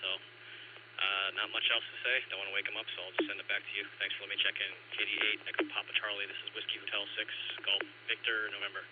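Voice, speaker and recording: A man checking in on a handheld radio while walking in his backyard, talking quietly and relaxed. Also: fairly low pitch, fast. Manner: quiet, relaxed, reads out call sign. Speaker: radio net caller. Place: outdoors in a backyard. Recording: tinny radio link with faint hiss.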